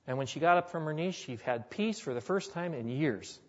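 A man's voice: on the high side, animated, fairly quick, few pauses. A male pastor preaching a sermon, telling stories in a folksy, conversational way. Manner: storytelling, folksy. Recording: echoey hall, dull lo-fi sound.

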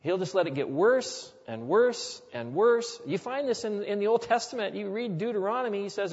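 A man's voice: high voice, animated, moderate pace, hardly any pauses, a little mellow. A man preaching a sermon as a pastor, earnest and building to emphatic repetition. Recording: long hall reverb, dull lo-fi sound.

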